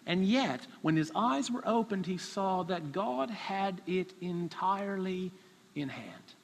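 Male preacher, sermon, animated storytelling, very lively pitch, long hall reverb. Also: slow, creaky. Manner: animated storytelling, acts out characters.

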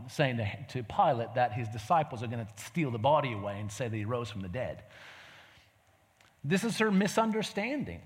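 Guy giving a sermon, chatty and animated, high voice that jumps all over, lots of questions to the crowd. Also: big-room sound. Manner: conversational, animated storytelling with rhetorical questions. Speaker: preacher.

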